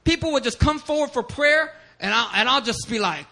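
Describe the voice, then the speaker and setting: A man preaching a sermon as pastor, telling stories animatedly with bursts of shouting and laughter. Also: very high voice, expressive, moderate pace, few pauses.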